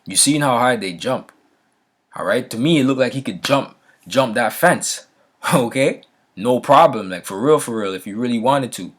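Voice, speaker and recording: A man's voice: mid-range voice, animated, normal speed, a bit bright. A man telling a story in a loose, casual way, often checking in with the listener and restarting his sentences. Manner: frequent fillers and restarts, a laugh now and then. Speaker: vlogger.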